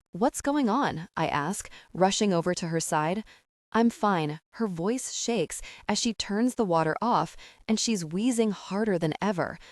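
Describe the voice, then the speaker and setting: A young adult woman reading a first-person romance audiobook with a steady, calm and expressive delivery. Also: on the low side, dry recording, studio quality. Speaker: audiobook narrator.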